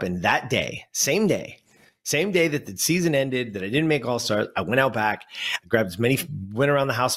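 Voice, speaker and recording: In a mid-range, slightly bright voice, a Southern California man in his fifties, once an athlete and now a coach, shares a moving story from his own life. He addresses the listener head-on, sincere throughout, and doubles back on phrases to drive them home.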